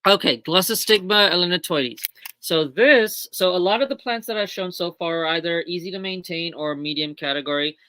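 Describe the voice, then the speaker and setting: On a livestream from her small shop, a woman shows off products casually, chatting away with lots of ums and self-corrections. Her voice sits on the low side and moves fairly quickly, with a fairly bright tone in a dry recording.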